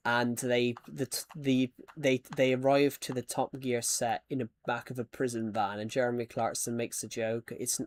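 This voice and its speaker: A man's voice: mid-range voice, little pitch movement, normal speed, few pauses. A man from the UK, chatting casually while playing a game, rambling with many false starts. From United Kingdom. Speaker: Minecraft streamer. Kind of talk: casual chat while gaming.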